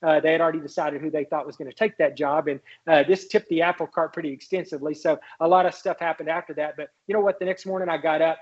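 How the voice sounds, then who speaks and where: A man recounts a story as an interview guest, rushing through it with plenty of fillers and restarts. His voice is husky and sits a little high for a man. The recording sounds slightly dull and lo-fi. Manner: animated anecdote, quotes others, many fillers and restarts. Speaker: guest, congressman and former White House doctor.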